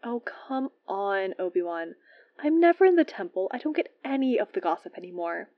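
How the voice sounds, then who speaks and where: A woman's voice: on the high side, lively intonation, normal speed, dry recording, narrow, tinny audio, lightly acted. Woman reading as a playful male spy, wheedling, pouty, gossipy, dry close sound. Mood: teasing. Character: teasing gossip-hungry male spy friend.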